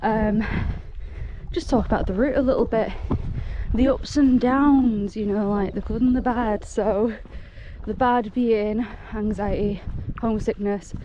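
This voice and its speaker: A woman's voice: a little high, fairly even intonation, measured pace, dull audio, background noise. Breathless giddy woman hiking. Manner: giddy, gushing, laughs often. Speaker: solo hiking vlogger. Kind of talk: casual talk to camera while walking. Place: outdoors on moorland trail.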